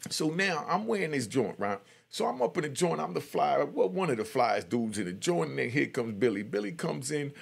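A man's voice: fairly high pitch, big pitch swings, brisk, hardly any pauses, slight background noise. An older man telling a true story in a casual, streetwise way, often checking in with "you know what I mean". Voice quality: gravelly.

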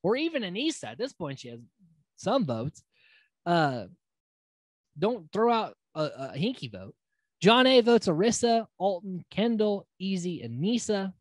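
A man's voice: sits high, very animated, measured pace, no room sound. A man hosting a podcast, recapping a reality TV episode in a loose, rambling way with fillers and casual swearing. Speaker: podcast host.

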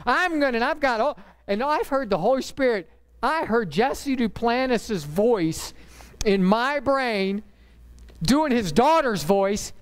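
Animated, emphatic male pastor. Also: very high-pitched, slow, clear, resonant tone. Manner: animated storyteller, emphatic and conversational. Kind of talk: sermon.

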